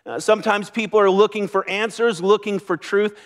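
A man's voice: high voice, steady tone, fairly quick. A man preaching a sermon as pastor, earnest and conversational, with light laughter.

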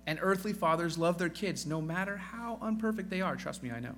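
Male pastor with a fairly high, bright voice, preaching casually with self-deprecating humor. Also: a little fast, slight background noise. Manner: conversational, acts out quoted voices; self-deprecating joking asides. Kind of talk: sermon.

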